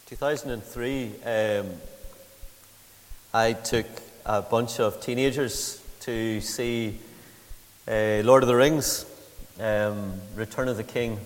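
Male pastor, mid-pitched voice, chatty sermon delivery with questions to the congregation, long room reverb. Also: fairly even intonation, slow pace. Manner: conversational, asks the congregation questions. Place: church building. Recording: reverberant hall.

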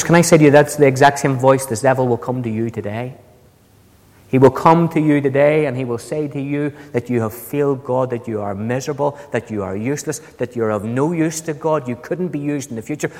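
A man's voice: a little fast, a little mellow. A man preaching a sermon to a congregation, emphatic, his voice leaping up on key words. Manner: emphatic, swings up to high ringing stresses. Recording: echoey hall with long reverb.

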